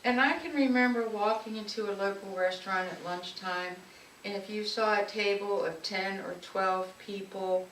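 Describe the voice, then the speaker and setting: Her voice is medium in pitch, steady in tone, and moderate in pace as this local speaker tells fond stories at an anniversary event. It has the feel of a public speech full of warm recollection, recorded from afar in a reverberant room with faint noise.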